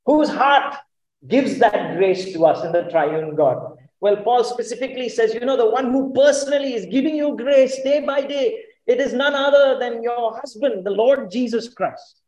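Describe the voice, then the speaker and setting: Earnest high-voiced preacher, echoey room. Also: male voice, moderate pace, darkish tone. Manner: earnest, emphatic, asks the congregation questions. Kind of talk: sermon.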